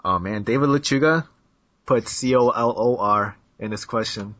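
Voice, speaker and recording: A man's voice: medium pitch, moderate pace, fairly bright tone, no room sound. A man hosting a casual podcast chat, teasing his guest and laughing often. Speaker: podcast host. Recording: dull lo-fi dry sound.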